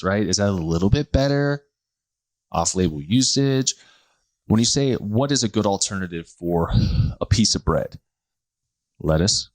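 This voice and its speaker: A man in his thirties hosting a casual health podcast, talking bluntly with quick self-corrections and asides. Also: fairly low pitch, no room sound. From United States. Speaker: podcast host, chiropractor.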